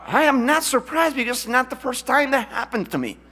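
A man preaching a sermon, emphatic, swinging from loud declarations to hushed asides. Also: extremely high pitch, expressive, a little fast.

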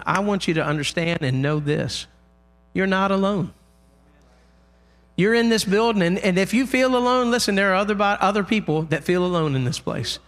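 A man preaching a sermon in a church, impassioned, loudly crying out the lines he quotes. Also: high-pitched.

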